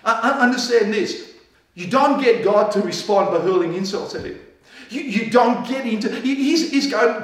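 A man preaching a sermon as pastor, pausing for effect and slowing down on key lines, sometimes acting out the voices of people in scripture. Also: high voice, very echoey, far from the mic. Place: church.

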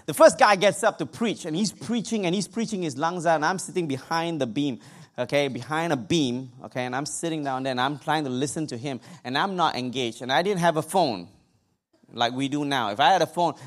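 A man's voice: on the high side, a little fast. A man preaching a sermon, telling a personal story with humor and asides to his congregation. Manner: humorous, animated testimony with asides to the audience.

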